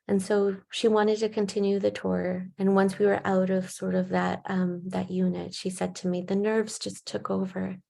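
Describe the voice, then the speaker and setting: A woman clinician calmly walking through a client case in measured, storytelling speech. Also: fairly low pitch, gravelly. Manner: calm, measured storytelling with soft fillers. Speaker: perinatal mental health clinician. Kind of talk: case presentation talk.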